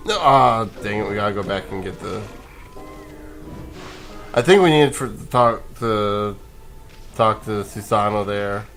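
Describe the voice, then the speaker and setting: A man's voice: lowish voice, measured pace, long pauses, fairly bright tone, soft background music. A man giving casual, rambling commentary while playing a video game, sleepy and yawning, chuckling and restarting his sentences. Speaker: let's play gamer.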